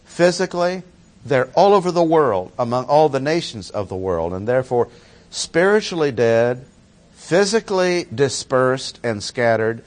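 A man's voice: mid-range voice, animated, measured pace. Emphatic male Bible teacher. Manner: emphatic, repeats key words for stress.

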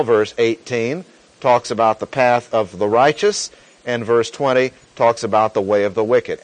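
A male pastor teaching a sermon in a steady, mid-range voice. He walks through the passage point by point, outlining each section methodically. The sound is dry and close, with little room echo. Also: medium pitch. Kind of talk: expository Bible teaching.

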